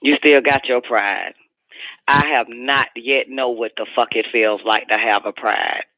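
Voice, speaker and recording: A man's voice: mid-range voice, steady tone, a little slow, dry recording, natural voice. A man voicing a furious woman who rants and curses scornfully at her partner, over a phone-like radio line. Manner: profane, shouting, scornful rant.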